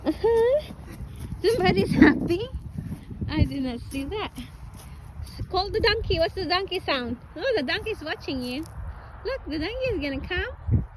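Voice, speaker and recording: A woman's voice: extremely high pitch, sing-song, normal speed, long pauses. A woman from the Philippines filming a casual farm-visit vlog, talking to a child and the animals in a sing-song, coaxing voice. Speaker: vlogger and parent. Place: outdoors at a small farm. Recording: noisy outdoor recording.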